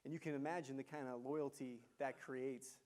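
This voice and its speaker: A man giving a university lecture, telling business stories in an animated way and quizzing the audience. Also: medium pitch, normal speed. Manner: animated storyteller, engages audience with questions. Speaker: guest lecturer, entrepreneur. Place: lecture hall.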